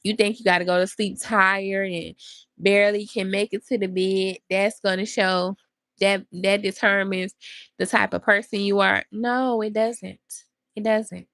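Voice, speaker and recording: A woman's voice: medium pitch, little pitch movement, unhurried, a bit bright, dry recording. A woman hosting a podcast, giving earnest, encouraging advice straight to her listeners. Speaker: podcast host. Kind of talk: motivational talk.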